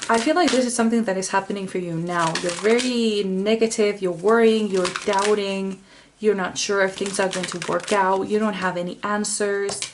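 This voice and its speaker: A woman talks through a tarot spread in a loose, casual way. She rambles and restarts her sentences with plenty of fillers. Now and then her voice drops to a soft whisper. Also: mid-range voice, background noise. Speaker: tarot reader. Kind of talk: casual tarot reading to camera.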